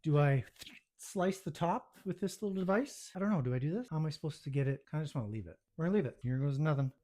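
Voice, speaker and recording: A man's voice: fairly high pitch, lively intonation, fast talker, dark tone. A man narrating his own home baking video, muttering to himself with self-deprecating exasperation as things go wrong in his kitchen.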